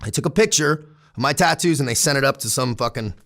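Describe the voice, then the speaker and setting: Quick and lively in intonation, this San Diego guest in his thirties has a medium-pitched, somewhat bright voice. He spins casual, candid stories full of profanity during an interview, laughing frequently as he goes.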